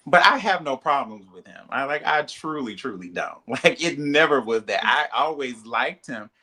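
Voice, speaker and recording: A man, a reality TV cast member, telling a candid story in an interview, with many "like" and "you know" fillers. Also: normal speed. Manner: animated, acts out quoted dialogue in a higher voice.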